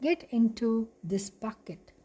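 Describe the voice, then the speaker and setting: A woman voicing a brisk, bossy male mouse who teases his friend. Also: fairly high pitch, animated, warm tone, slightly rough, full character voice.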